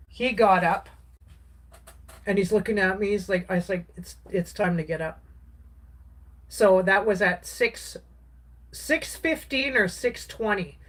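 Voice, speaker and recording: Soft-spoken woman telling a personal story. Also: medium pitch. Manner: rambling, many "like"s and restarts. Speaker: craft vlogger. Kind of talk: casual storytelling while crafting.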